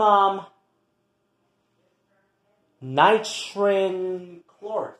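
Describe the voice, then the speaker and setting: A performer in an improvised comic quarrel, trash-talking and taunting with heavy swearing and swinging between loud jeers and low mutters. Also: sing-song, slow pace, reverberant. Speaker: comedy skit performer.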